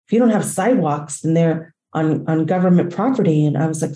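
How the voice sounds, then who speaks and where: A woman telling a story with a mellow, warm voice and loud drama. Her talk is profane, and she acts out the cries in it. Her voice rings in an echoey room. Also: low-pitched, a little fast, hardly any pauses. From Latina. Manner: profane, dramatic retelling with shouted quotes. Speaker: podcast host.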